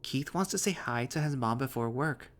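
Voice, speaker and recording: A man's voice: medium pitch, lively intonation, normal speed, voice pushed up, lightly acted. A man voicing a dopey, childish young woman with a snooty flair, in a spoken visual novel reading. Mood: eerie, repetitive.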